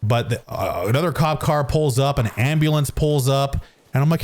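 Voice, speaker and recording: A man's voice: mid-range voice, normal speed, darkish tone. A man streaming from his home gaming setup on a studio microphone, telling a story in a rambling, self-mocking way full of restarts and fillers. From Canada. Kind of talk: casual storytelling while gaming. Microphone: studio dynamic microphone.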